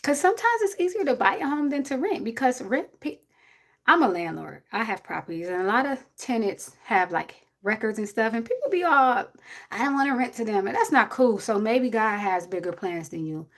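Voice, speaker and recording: Blunt, animated woman in her forties. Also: a little high, moderate pace. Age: 40s. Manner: blunt, animated, preachy advice with swearing. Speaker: livestream host giving advice to a viewer. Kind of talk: casual livestream chat.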